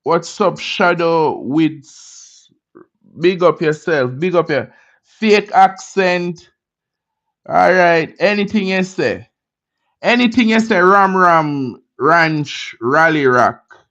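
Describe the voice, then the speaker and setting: A man with a high-sitting voice speaks slowly as he hosts a casual livestream. He greets viewers in a laid-back way, using Jamaican slang, and the stream audio is dull and lo-fi.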